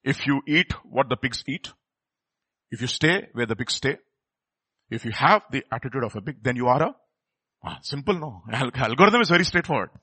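Animated preacher with a husky, bright voice. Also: male voice, mid-range voice, a little fast, dry recording. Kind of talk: sermon.

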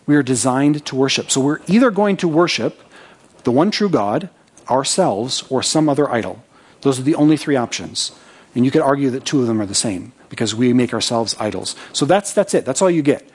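A man's voice: mid-range voice, lively intonation, fairly quick, slightly rough. A man preaching a sermon as pastor, talking conversationally, reading scripture aloud with his own asides and checking in with "right?".

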